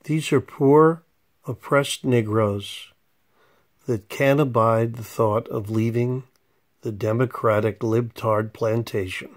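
A man delivers sarcastic voice-over commentary over clips. His tone is mocking and condescending throughout, with a pitch sitting squarely in the ordinary middle range for a man. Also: fairly even intonation, takes it slowly. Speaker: narrator.

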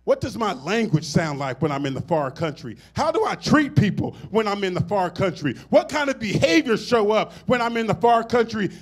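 A fairly high-pitched middle-aged man delivers a sermon as pastor. He builds phrases to a swell and breaks off into casual asides to the congregation. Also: expressive, normal speed. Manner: preaching with rising, swelling emphasis and call-and-response asides.

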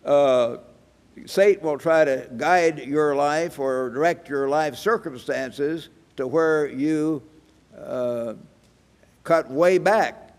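A man in his eighties, a church evangelist, delivers a sermon full of folksy anecdotes and little chuckles. His fairly high voice takes things slowly, echoing in a reverberant hall.

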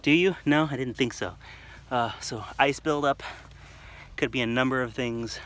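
Joking dad filming a family vlog. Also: male voice, mid-range voice, normal speed, fairly bright tone. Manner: joking, self-mocking asides to the camera. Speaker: vlog host and father. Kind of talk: casual family vlog talk. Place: family home, indoors.

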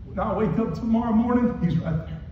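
A male pastor preaching a sermon with emphatic repetition, moving from raised, shouted lines to soft ones. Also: high-pitched, brisk, a little hiss or hum. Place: church hall. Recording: echoey hall from far off, dull.

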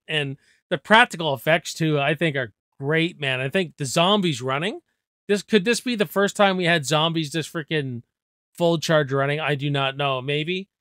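A man in his forties chats enthusiastically about movies, swearing freely in a relaxed, casual way. His voice is smooth and clear, sits a little high for a man, and is recorded close and dry. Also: no echo. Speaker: movie review host.

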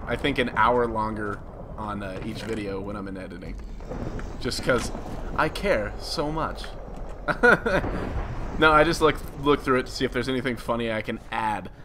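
Excitable young man narrating gameplay. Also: mid-range voice, background noise. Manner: excitable, jokey, self-mocking. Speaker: gaming video host. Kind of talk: casual gameplay commentary.

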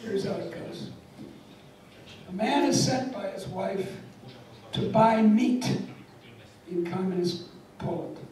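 Older woman lecturing, slow and wry, really echoey hall, mic far off. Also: mid-range voice, warm tone. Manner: wry, storytelling, emphatic. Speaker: guest lecturer. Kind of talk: public lecture.

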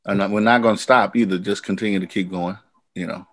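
Low-voiced man telling rambling stories. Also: fast talker, no echo. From United States. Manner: rambling, animated storyteller. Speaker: singer-songwriter guest. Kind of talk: casual storytelling interview.

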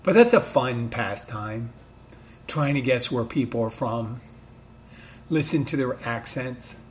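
A man's voice: mid-range voice, expressive, takes it slowly. Podcast host, male, mid-Atlantic accent with a Philly touch, rambling casual storyteller, light room hum behind. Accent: mid-Atlantic with a light Philadelphia touch. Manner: rambling, conversational, self-correcting asides.

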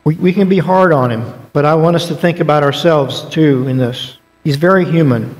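A man's voice: on the high side, normal speed. Chatty man teaching Bible class in a hall. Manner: conversational, joking asides, reads scripture aloud. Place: church auditorium. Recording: long reverb of a church auditorium.

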